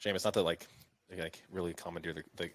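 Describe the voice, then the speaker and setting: A man's voice: low-pitched, steady tone, quick pace. A man hosting a podcast interview, chatting casually and rambling with many fillers. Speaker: podcast host.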